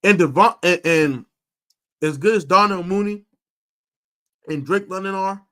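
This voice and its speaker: This sports podcast host has a high voice and a measured pace. Previewing football on a live stream, he talks in an emphatic, animated way, with fillers and repetitions that drive his points home.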